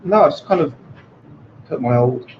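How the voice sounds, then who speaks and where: A man's voice: a little high, animated, moderate pace, muffled recording, slight background noise. A man in a teacher training group who explains his ideas in a thoughtful way, with many fillers.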